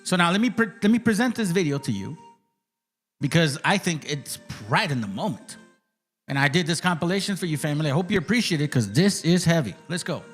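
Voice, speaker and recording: A man's voice: a little high, expressive, brisk, a bit bright, slightly rough, faint music behind. A man hosting his channel with heated, profane, mocking commentary on clips. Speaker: channel host.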